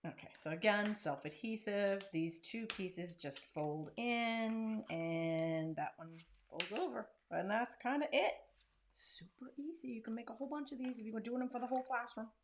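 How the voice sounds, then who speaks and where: A woman's voice: mid-range voice, normal speed, hardly any pauses, slight background noise. A woman hosting a casual crafting tutorial, chatting and joking while she works. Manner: chatty and self-deprecating, talks while working. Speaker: craft channel host.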